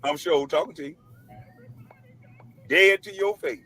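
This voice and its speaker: A man with a high, sharp voice rants straight to camera in a blunt, preachy monologue. He leans on casual slang and hammers the same points again and again. It sounds like it was recorded on a computer mic. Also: wildly swooping pitch, a little slow, gravelly, rough recording. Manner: emphatic, preachy, repeats his points. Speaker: online commentator.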